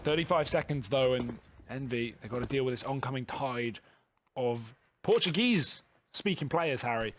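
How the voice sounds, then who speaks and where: A man casting a competitive video game match, trading jokes with his co-caster and building excitement on big plays. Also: mid-range voice, moderate pace, a little hiss or hum. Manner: jokey banter, rising excitement on big plays. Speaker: esports caster. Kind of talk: play-by-play commentary.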